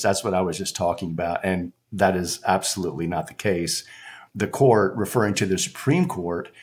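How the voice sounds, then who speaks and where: Deep-voiced male host, relaxed explainer who talks viewers through a legal brief. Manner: conversational and explanatory, restarts and filler phrases. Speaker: political commentary host. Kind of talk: casual commentary walking through a court filing.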